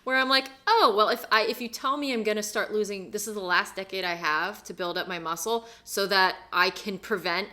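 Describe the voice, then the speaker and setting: A woman in her thirties with a bright, forward voice chats on a wellness podcast in an upbeat, conversational way. She laughs easily between her points. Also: medium pitch, fairly quick, hardly any pauses. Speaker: podcast co-host, physical therapist. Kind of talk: casual chat.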